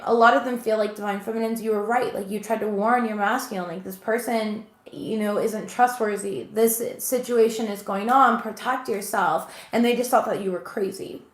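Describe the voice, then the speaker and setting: A woman in her thirties giving an earnest, emotional tarot reading to viewers. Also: mid-range voice. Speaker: tarot reader. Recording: echoey room with faint noise.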